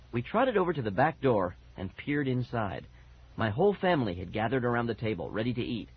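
A man narrating a children's storybook with a lively, expressive reading. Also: mid-range voice, a little fast, husky. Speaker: audiobook narrator. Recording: dull lo-fi recording.

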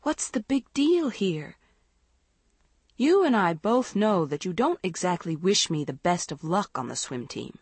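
A woman's voice: lowish voice, big pitch swings, a little slow, a little mellow, breathy edge, no room sound, full character voice. A woman voicing a flustered, defensive teenage girl who pleads in exasperation, in a storybook reading. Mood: pleading.

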